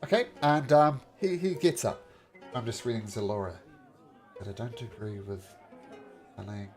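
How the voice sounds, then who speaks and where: A man narrating a tabletop game as game master, halting often and filling gaps with "uh". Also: mid-range voice, darkish tone, soft background music. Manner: halting, full of fillers.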